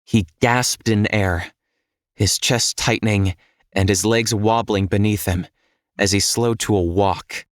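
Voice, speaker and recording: A man narrating an audiobook in a steady, measured storytelling voice. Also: lowish voice, dry recording, clean studio sound.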